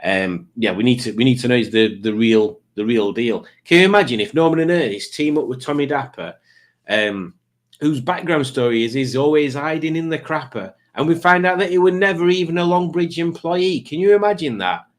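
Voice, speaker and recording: A man's voice: a little high, fairly quick. A man hosting a casual live stream, rambling and joking as he reads out viewer comments, with plenty of restarts. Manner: rambling, jokey, waffling with many restarts.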